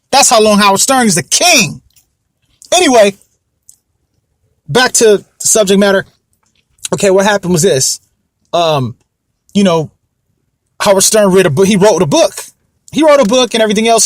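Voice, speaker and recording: Recorded at studio quality without echo, a young podcast host with a high-pitched voice offers casual commentary. His talk wanders and circles back on itself, and he keeps asking if you know what he means.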